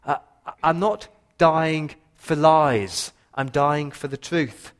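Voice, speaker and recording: Man, pastor, sermon, passionate, emphatic rises and hushed drops. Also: on the high side, slow. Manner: passionate preaching, voice rising and dropping for emphasis.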